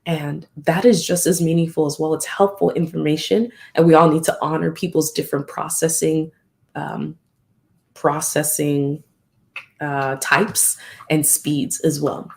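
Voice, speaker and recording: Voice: medium pitch, creaky, darkish tone. A host talking candidly and reflectively in a casual live stream, often acting out remembered exchanges.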